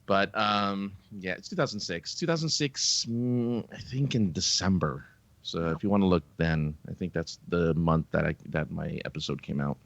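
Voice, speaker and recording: A man co-hosting a podcast in casual chat, animated and laughing often, with lots of fillers. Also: deep voice, moderate pace, gravelly, dry recording, muffled recording. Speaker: podcast co-host.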